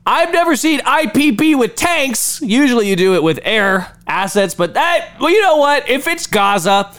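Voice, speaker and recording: A man's voice: very high-pitched, big pitch swings, moderate pace, a bit bright. A man hosting a political commentary show, talking in a sarcastic, mocking way and repeating phrases to ridicule them. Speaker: host.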